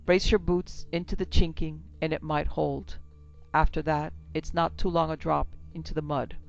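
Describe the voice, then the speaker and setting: A narrator voicing a curt, commanding cavalry officer. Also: female voice, deep voice, flat delivery, normal speed, gravelly. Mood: urgent commands. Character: tough decisive male cavalry officer. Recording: slightly dull lo-fi with music.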